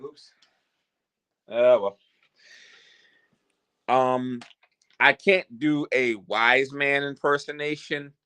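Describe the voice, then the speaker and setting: Man hosting a vlog, unhurried, bright tone, playful and self-mocking. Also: mid-range voice. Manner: rambling, joking and self-deprecating, theatrical announcer openings. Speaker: host. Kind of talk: casual vlog chat.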